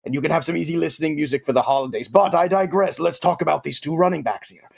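Man putting on a gravelly boastful titan villain, husky and rough, somewhat high, pompous, theatrical. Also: fast talker. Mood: mock-grand. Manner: pompous, theatrical, playful third-person boasts. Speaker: fantasy football guest in character. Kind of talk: comic character bit on a sports podcast.

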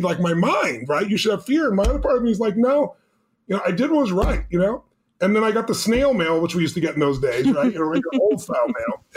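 A man telling a story as a podcast guest, animated and emphatic, acting out the quotes. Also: high-pitched.

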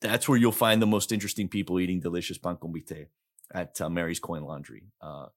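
A middle-aged man hosting a podcast in a loose, chatty way, full of "like" and "bro.". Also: on the low side. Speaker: podcast host. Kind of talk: casual chat.

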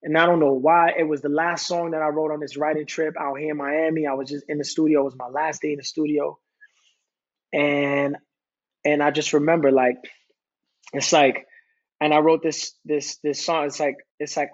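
A husky man talking candidly on a podcast. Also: a little high, level tone, lo-fi sound. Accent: New York. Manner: halting, repeats words and restarts, recites his own lyrics. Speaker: podcast guest. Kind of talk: candid conversational talk.

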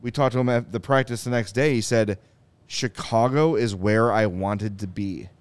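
Guy hosting a sports podcast, clean smooth voice, dry close mic, gets fired up. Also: on the low side, moderate pace, no room sound. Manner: animated, emphatic, quotes players in asides. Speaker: podcast host. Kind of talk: casual sports talk.

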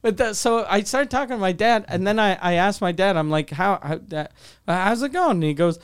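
A man's voice: sits high, expressive, a little fast, clean tone. A man telling a long, rambling personal story in casual chat, swearing often and restarting his sentences.

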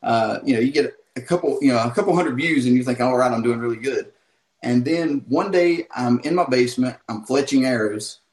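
A man's voice: mid-range voice, fairly quick, a little mellow, echoey room, poor audio. A man from North Carolina with a strong Southern accent, a guest telling easygoing stories with many fillers over a call. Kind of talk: casual interview on a call.

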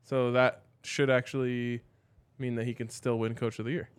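A young man co-hosting a sports podcast, chatty and upbeat, quick to laugh. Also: medium pitch, level tone, clean tone. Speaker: podcast co-host. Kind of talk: casual sports chat.

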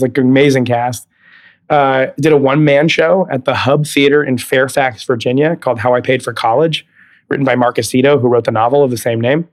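Male guest, 30s, from California; expressive anecdote teller who laughs a lot and acts out dialogue. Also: mid-range voice. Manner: animated storyteller, laughs often, acts out quoted dialogue. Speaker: guest, Broadway actor. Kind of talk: casual interview chat.

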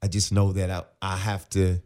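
A man's voice: low-pitched, moderate pace, clear, resonant tone. A man around forty, an actor and former pro football player, telling stories as a podcast guest and acting out both sides of the conversations. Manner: animated storyteller who acts out both sides of conversations. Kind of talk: casual storytelling interview.

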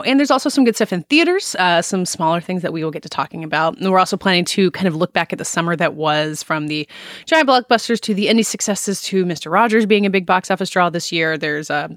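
A woman with a mid-range voice talking quickly as she hosts a film podcast, moving briskly from one topic to the next. The sound is close and dry, with no room around her. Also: fairly low pitch, a bit bright, dry recording. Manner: brisk, organized, steers the conversation. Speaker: podcast host. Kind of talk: casual film chat.

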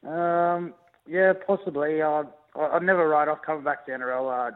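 A young Australian man, a rugby league player, chatting easygoingly in a phone interview, halting with many ums and restarts. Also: on the high side, steady tone, smooth. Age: young adult. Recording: tinny phone line.

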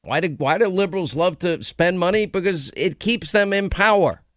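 A man's voice: high voice, moderate pace, a bit bright, no room sound, clean studio sound. A man hosting a talk radio show, ranting in a sarcastic, combative way.

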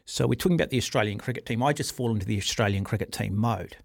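Opinionated New Zealand talkback host. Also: male voice, on the low side, very fast, gravelly, no echo, studio quality. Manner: opinionated, ranting and forthright. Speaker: sports radio host. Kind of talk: talkback radio. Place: radio studio. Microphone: studio microphone.

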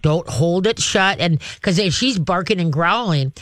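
A man's voice: sits high, expressive, measured pace, fairly bright tone, no echo, clean studio sound. A man hosting a call-in radio show, giving direct, folksy dog-training advice and acting out firm commands with growls.

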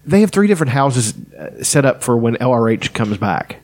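A man's voice: medium pitch, sing-song, moderate pace, darkish tone. A man co-hosting a podcast, rambling in casual chat, swearing freely and laughing often. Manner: profane, rambling, laughing a lot. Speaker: podcast co-host.

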